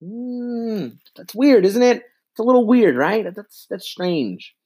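A man's voice: sits high, very animated, slow pace, warm tone, breathy edge. A man in his twenties giving an exasperated, profane sports rant into a handheld mic, repeating himself. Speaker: sports fan vlogger.

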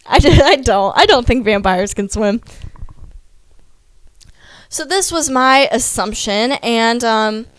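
Chatty young woman, smooth voice. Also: a little high, animated, slow pace, long pauses, dry recording. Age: young adult. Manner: rambling, many "like" fillers, self-deprecating asides. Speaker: vlogger. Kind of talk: casual chatty vlog.

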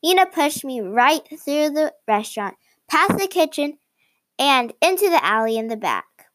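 A woman reading a children's chapter book aloud in a slow, careful storybook manner. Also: high voice, sing-song, fairly bright tone, no room sound. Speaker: reader.

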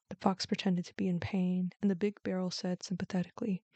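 A woman hosting a show and reading a bedtime story aloud in a gentle, expressive way. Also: on the low side, brisk, hardly any pauses, husky, no echo. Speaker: host and storyteller.

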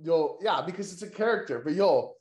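An excitable man hosting a casual wrestling recap, full of slang, "yo" and "dude," and free swearing. His voice is fairly high for a man. It rings around an echoey room. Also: brisk, a crowd in the background. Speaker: podcast host.

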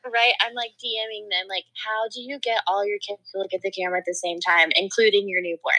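A young woman chats as a podcast guest in a bright, sharp voice full of fry. She talks loosely, laughs a lot and keeps saying "oh my gosh.". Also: mid-range voice, steady tone, fast talker, poor audio. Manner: chatty, laughs often, says "oh my gosh" a lot. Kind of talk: casual chat.

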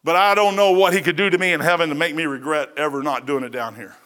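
A man pastor preaching a folksy, emphatic sermon that breaks into shouts. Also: fairly high pitch, steady tone, quick pace.

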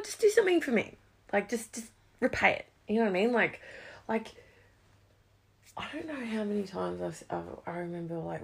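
Gravelly, swearing, animated young woman. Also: sits low. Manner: expressive, swears often, swings from loud to muttered. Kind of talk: casual chat.

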